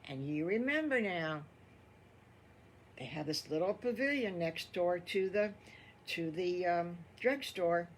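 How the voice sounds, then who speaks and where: A woman's voice: on the low side, expressive, slow pace, slight background noise. An older woman, improvising a children's story in a folksy, rambling, affectionate way.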